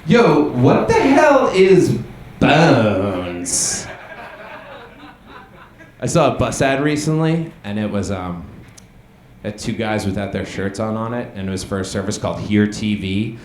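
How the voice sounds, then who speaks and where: A young man doing a deadpan observational stand-up comedy set on a small bar stage, with some crowd work. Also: fairly low pitch, a little hiss or hum. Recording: echoey bar room with ambience.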